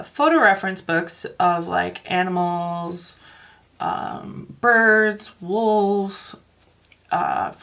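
Coloring-channel host, woman, lowish gravelly voice, unhurried rambling chat. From northern Wisconsin. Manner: rambling, chatty, with soft laughs and many fillers. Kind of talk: casual chat while coloring.

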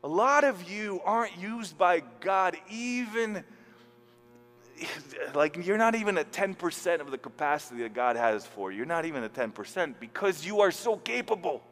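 A male pastor preaching a sermon in a casual, animated way, with slang and acted-out quotes. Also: high-pitched, normal speed. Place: church hall. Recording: long hall reverb, faint music.

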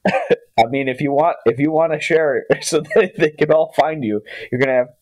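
A man's voice: a little high, normal speed, a little mellow, rough recording. A man hosting a podcast in a casual chat, teasing his guest playfully and laughing a lot. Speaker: podcast host.

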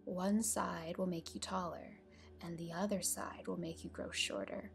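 A woman's voice: lowish voice, fairly even intonation, gravelly, music in the background. A woman doing a curt, sleepy caterpillar. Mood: stern, languid. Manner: slow, curt and drowsy. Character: stern, languid, sleepy caterpillar.

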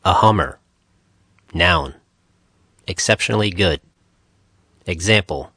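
A man narrating an audiobook, reading dictionary entries in short, measured phrases. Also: sits low, pushed and bright, no room sound.

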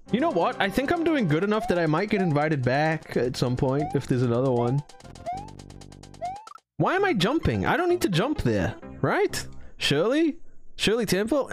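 A young man streaming himself playing a game in a tournament, excitable and jokey, yelling and swearing when things go wrong. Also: high voice. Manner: excitable, swears a lot, yells in frustration, jokey. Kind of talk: casual live-stream commentary while gaming.

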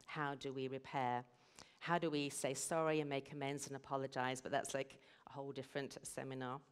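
A woman's voice: extremely low pitch, little pitch movement, a little fast, clean tone. A middle-aged woman giving a sermon, explaining and telling stories in an earnest way. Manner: earnest, storytelling. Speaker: guest speaker at a church service.

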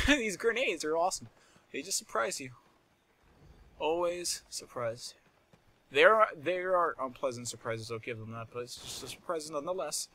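Male gameplay commentator, raised pitch, very forceful bright tone, excitable and rambling, quick to shout and curse. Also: a little hiss or hum. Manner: excitable, shouts and laughs at in-game moments; rambling and chatty with frequent swearing. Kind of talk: live game commentary. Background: game gunfire and explosions.

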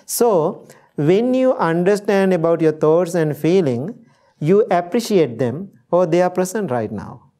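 A man's voice: high-pitched, animated, unhurried, warm tone. A middle-aged Sri Lankan man, a Buddhist monk, giving a dharma talk to an audience and telling stories with acted-out quotes. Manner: storytelling with acted-out quotes, laughs easily.

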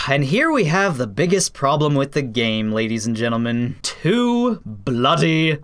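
A man's voice: medium pitch, lively intonation, moderate pace, a bit bright, smooth. A man as guest on a comedic game review, exasperated and emphatic.

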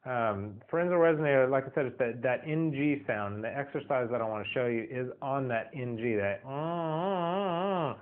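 A man's voice: medium pitch, a little fast, few pauses. A man talks through a singing lesson in a loose, rambling way, doubling back on his words and filling gaps with ums. His voice sits in an ordinary middle register. The sound is narrow and tinny, like a phone line. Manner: rambling, repeats words, many fillers. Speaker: singing teacher. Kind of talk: casual spoken vocal lesson.

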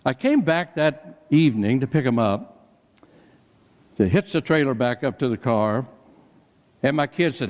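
An older man preaching a sermon, telling personal stories in a folksy way and becoming animated when he quotes others. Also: medium pitch, a little slow, pauses often. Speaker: pastor. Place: church sanctuary. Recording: dull church recording with long reverb.

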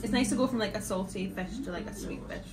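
A woman's voice: medium pitch, fast talker. A young woman chatting casually about food as a vlog guest, filling her talk with "like". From United Kingdom. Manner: chatty, uses "like" a lot. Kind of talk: casual chat while eating. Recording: background music.

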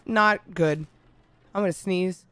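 A woman's voice: lowish voice, slow pace, a bit bright, smooth. A woman streaming a horror game, reacting with screams, nervous laughter and casual swearing. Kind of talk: reaction gaming commentary.

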